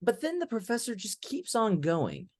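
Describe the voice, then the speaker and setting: A young man co-hosting a comedy pitch show, telling a long joke in a casual, animated way and acting out the characters as he goes. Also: normal speed, no room sound. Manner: animated, acts out characters in the story.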